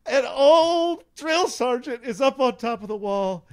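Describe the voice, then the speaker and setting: High-voiced man telling a story. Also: unhurried, clean tone. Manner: animated, laughing anecdote teller. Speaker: podcast co-host. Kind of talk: casual storytelling chat.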